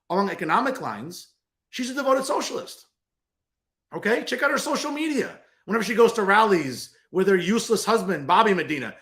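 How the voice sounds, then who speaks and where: A man's voice: sits high, a bit bright. A man hosting a political talk show, ranting in a combative, sarcastic way that keeps repeating itself. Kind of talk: political commentary rant.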